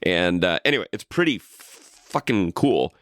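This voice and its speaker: Male podcast co-host: bright, dry sound, rambling and profane. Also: low voice, expressive, normal speed, no echo. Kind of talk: casual chat.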